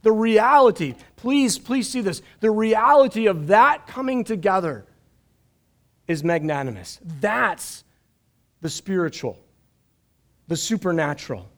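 A middle-aged man preaching a live-streamed sermon from a church stage, animated, with jokey asides and repeated words. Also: sits high, a little slow, pauses often. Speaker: pastor.

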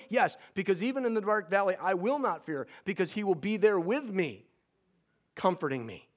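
A middle-aged man preaching a sermon as pastor, earnest and pleading, often restarting words in quick repeats. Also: high voice, animated.

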